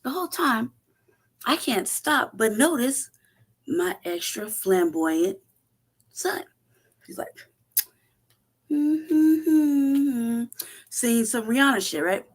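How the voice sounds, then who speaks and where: Brief: woman host, casual profane storyteller, animated, quick to laugh. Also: on the high side, husky. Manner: profane, animated, laughs often, acts out quotes. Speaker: show host.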